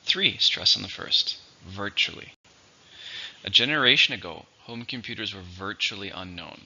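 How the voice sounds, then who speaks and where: In a vocabulary lesson, a man methodically works through English words, repeating each slowly to bring out its syllables and stress. His voice is on the low side, expressive, pushed and bright, though the recording is muffled.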